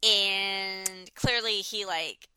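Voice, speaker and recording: A woman's voice: mid-range voice, fairly even intonation, very slow, background noise. A woman in her thirties co-hosting a podcast, chatting casually with lots of filler words and restarts. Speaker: podcast co-host. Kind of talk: casual chat reviewing a dating show.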